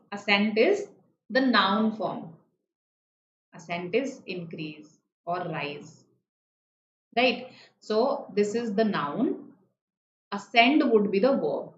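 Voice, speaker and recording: A woman's voice: mid-range voice, reverberant, dull audio, slight background noise. A woman, teaching a live online vocabulary lesson, explaining words patiently and checking in with students often. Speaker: online exam-prep teacher.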